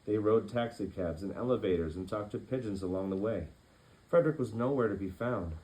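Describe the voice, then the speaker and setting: A man reading a children's picture book aloud as a bedtime story, with an expressive, lilting delivery. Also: lowish voice, fairly quick, rough recording.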